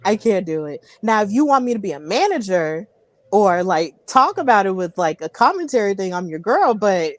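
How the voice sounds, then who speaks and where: A woman's voice: medium pitch, very animated, normal speed, dry recording. A woman hosting a wrestling podcast, chatty and giggly, often repeating herself. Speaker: podcast host. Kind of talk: casual podcast interview.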